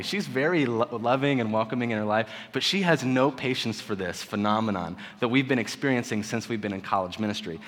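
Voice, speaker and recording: A man in his thirties preaching a sermon, conversational and joking, with sudden loud emphasis. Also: medium pitch. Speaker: pastor. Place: church sanctuary. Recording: long hall reverb.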